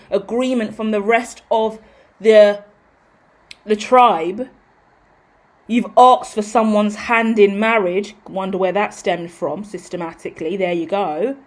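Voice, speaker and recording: A woman, hosting a tarot channel in a casual, rambling monologue. She is animated, swears freely and acts out what she talks about. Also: medium pitch. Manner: animated, profane, theatrical.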